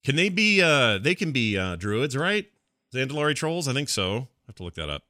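Middle aged guy hosting a podcast, bright tense voice, dry close sound, rants a lot. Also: medium pitch, normal speed, no echo. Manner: animated, ranting with playful exasperation. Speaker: podcast host. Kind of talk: casual chat.

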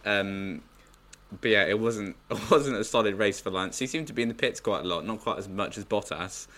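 Very deep, sharp-toned man on a podcast. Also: moderate pace. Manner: hesitant, with restarts and small laughs. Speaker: podcast co-host. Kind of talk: casual sports podcast chat.

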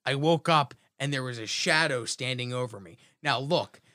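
A man's voice: mid-range voice, normal speed, bright, forceful tone, no room sound, clean studio sound. A man in his thirties telling rambling comic stories as a podcast host, joking and laughing often. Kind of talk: casual comedic storytelling.

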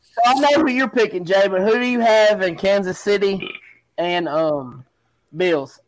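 A man's voice: high voice, unhurried, slight background noise, low-quality recording. A man in his thirties co-hosting a podcast, talking football in casual, emphatic chat. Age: 30s. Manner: animated, emphatic, talks over others. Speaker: podcast co-host.

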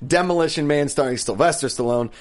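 A man hosting a casual movie podcast, playful and energetic, laughing often. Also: a little high, fast talker. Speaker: podcast host.

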